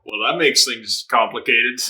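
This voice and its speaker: Soft music plays behind this anime reaction host, a man with a medium-pitched, expressive voice and a sharp tone who speaks at a slow pace. He chats loosely, laughs a lot, swears, and performs lines from the characters.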